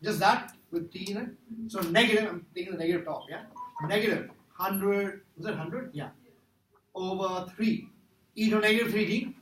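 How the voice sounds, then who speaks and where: A man's voice: high-pitched, moderate pace, a bit bright. A man teaching a math class, joking with students and quizzing them as he works problems. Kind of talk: classroom lecture. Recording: echoey room from far off, faint noise.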